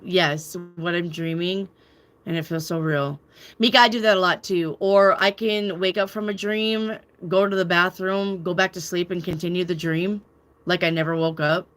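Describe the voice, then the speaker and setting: Woman, tarot reader, casual live-stream chat, lowish voice, rambling, candid, swears. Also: steady tone, measured pace, fairly bright tone. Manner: rambling, candid, swears freely, reads viewer comments aloud. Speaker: tarot reader and channel host.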